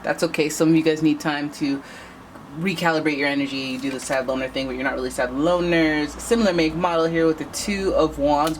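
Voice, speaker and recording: A woman's voice: low voice, slight background noise. A woman doing a casual tarot reading, chatting straight to her viewers and often drifting into playful tangents. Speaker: tarot reader.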